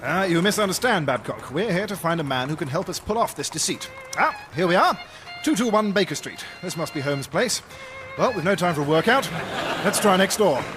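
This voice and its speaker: A pompous Victorian schemer in a radio comedy sketch. His voice is high and lively, with loud music under it. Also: brisk. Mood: scheming.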